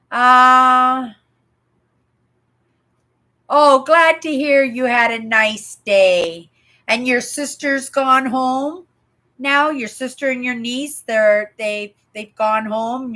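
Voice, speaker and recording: A woman's voice: a little high, slow pace, bright, forceful tone. An older woman from Canada hosting a casual livestream, reading viewer comments aloud and chatting with rambling asides and frequent "right?". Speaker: livestream host.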